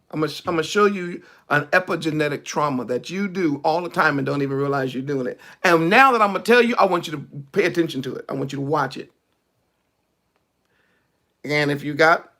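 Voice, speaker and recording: A man preaching a conversational sermon, drops his voice low for emphasis. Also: creaky, pushed and bright.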